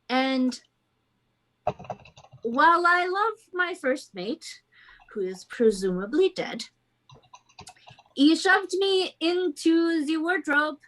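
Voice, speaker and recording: A woman's voice: high voice, fairly bright tone, exaggerated voice. Woman doing a flustered half-elf captain. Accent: vaguely French, put on. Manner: polite, hesitant, stammering. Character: short petite half-elf male ship captain, flustered.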